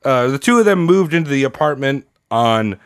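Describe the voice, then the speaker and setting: A man's voice: mid-range voice, lively intonation, moderate pace, clean tone, no echo, studio quality. A man hosting a podcast, telling a history story in casual, crude, jokey narration with fillers.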